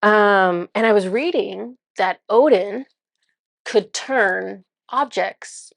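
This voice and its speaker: A woman's voice: mid-range voice, slow, creaky, no room sound, clean studio sound. A woman telling a spiritual experience in casual first person, chatty and full of "like" and "um". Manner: chatty, says "like" and "um" often. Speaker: spiritual channeler.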